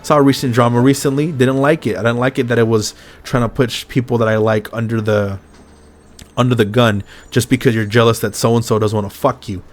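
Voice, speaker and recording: A man's voice: medium pitch, little pitch movement, a little fast, soft background music. A man hosting a podcast in casual chat, ranting bluntly and swearing often. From Mexico's Baja California border region. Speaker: podcast host.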